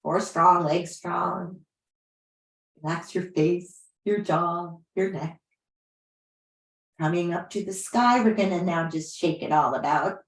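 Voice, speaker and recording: Soft-spoken lady leading yoga, slow and lowish, roomy echo. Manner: gentle, unhurried cueing with soft affirmations. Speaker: yoga teacher. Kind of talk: guiding a yoga class. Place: class room.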